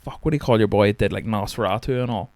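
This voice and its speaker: A man's voice: on the low side, rapid-fire, a little mellow, no echo. A man swearing freely and laughing as he chats about films on a podcast. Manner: sweary, rambling, laughs often. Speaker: podcast co-host. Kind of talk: casual film chat.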